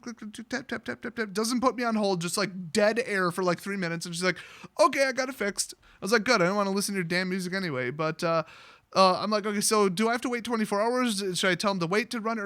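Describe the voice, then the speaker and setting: A man's voice: high-pitched, sharp tone. A man telling a storytime vlog, rambling and exasperated, acting out quoted dialogue with a phone agent. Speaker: card collecting YouTuber.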